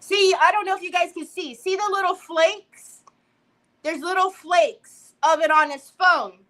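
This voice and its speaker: A middle-aged woman hosting a crafting livestream, telling a story with animated energy and greeting viewers by name. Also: extremely high pitch, a little slow, low-quality recording.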